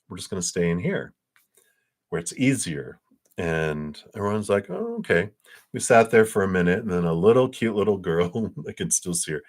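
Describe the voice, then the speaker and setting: A man giving a casual spiritual talk on a livestream, animated and acting out quotes between chuckles. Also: low voice. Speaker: spiritual reader.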